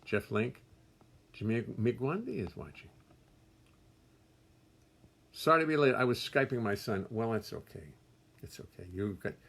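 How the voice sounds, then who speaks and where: An older man hosts a casual livestream from his music studio, reading viewers' names aloud and greeting them warmly with wry, self-deprecating jokes. He is chatty, and his fairly low voice is creaky and slightly rough.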